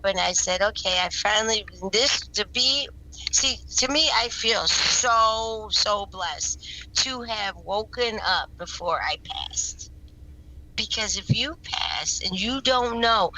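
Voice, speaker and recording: Bright-voiced woman telling rambling stories. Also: medium pitch, a little hiss or hum, rough recording. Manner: rambling, with frequent restarts and repeated words. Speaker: interview guest. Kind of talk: casual spoken storytelling.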